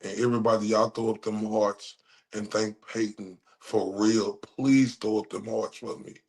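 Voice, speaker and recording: A man's voice: on the low side, little pitch movement, normal speed. A man with a Southern US accent hosting a livestream, reacting to clips with hyped, crude trash talk. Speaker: livestream host. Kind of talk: casual reaction commentary.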